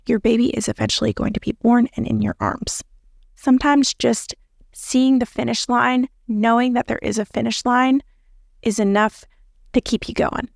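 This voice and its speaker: A woman's voice: on the high side, fairly even intonation, moderate pace, gravelly, dry recording, clean studio sound. An American woman in her thirties hosting a podcast, talking casually and encouragingly with frequent fillers and laughs. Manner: chatty, encouraging, laughs often, many fillers. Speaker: podcast host, labor nurse. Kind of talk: casual instructional podcast talk.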